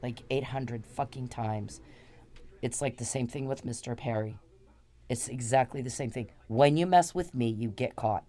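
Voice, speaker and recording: A woman's voice: a bass voice, moderate pace, dark tone. A woman hosting a podcast, delivering an angry, repetitive, profane monologue aimed straight at one man. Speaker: podcast host.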